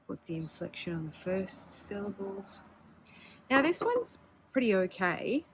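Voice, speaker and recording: A woman with a lowish voice chats candidly in a casual show-and-tell about her pens, using filler words and laughing softly now and then. She is a pen hobby vlogger. A little hiss or hum sits in the recording.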